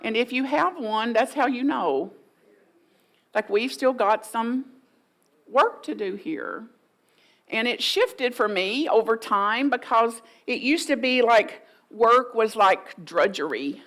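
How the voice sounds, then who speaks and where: Woman, pastor, sermon, playful, folksy, higher pitch. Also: expressive, takes it slowly, fairly bright tone, rough recording. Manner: folksy, playful, mimics voices for humor. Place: church sanctuary.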